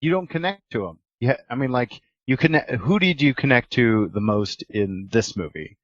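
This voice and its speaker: A man's voice: medium pitch, expressive, moderate pace, no room sound, highs cut off. A man co-hosting a podcast, joking and laughing in casual chat. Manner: jokey, laughs often. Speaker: podcast co-host.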